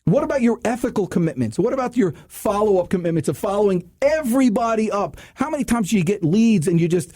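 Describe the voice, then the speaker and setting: A man hosting a sales talk radio show, preaching tips in an animated way and laughing at himself. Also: high-pitched, fast, hardly any pauses.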